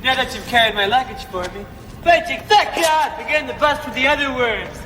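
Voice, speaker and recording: A sneering, bullying young rock star. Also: male voice, extremely high pitch, lively intonation, a little fast, a little hiss or hum, full character voice. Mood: arrogant. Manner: swaggering, insulting, shouting. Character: arrogant abusive young male rock star, cruel. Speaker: sketch comedy character. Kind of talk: sketch comedy acting. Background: audience laughter.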